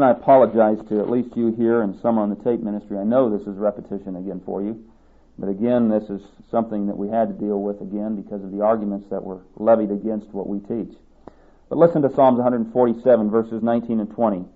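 A man preaching a sermon, reading scripture aloud and driving his points home with emphatic repetition. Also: on the low side. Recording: tinny phone-like sermon tape.

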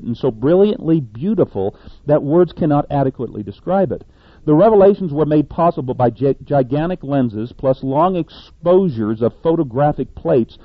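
A man's voice: a little high, dry recording, narrow, tinny audio. A man preaching a sermon in a folksy, conversational way, often stumbling over words and correcting himself.

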